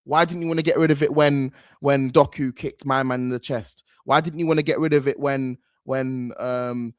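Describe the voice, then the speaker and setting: A man's voice: medium pitch, no room sound, studio quality. A young man, giving slangy, rambling, outspoken reaction commentary as a football fan host.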